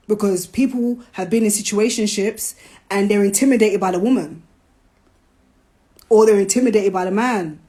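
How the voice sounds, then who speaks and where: A woman hosting a live stream, talking casually, animated and preachy, with playful jabs. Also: mid-range voice, normal speed, long pauses. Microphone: phone.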